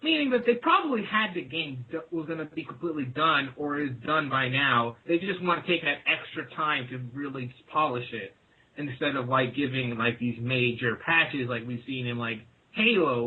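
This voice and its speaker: A man's voice: medium pitch, lively intonation, moderate pace, breathy edge. Man on a tinny phone-like line. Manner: rambling, many fillers like "like". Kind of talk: casual podcast chat.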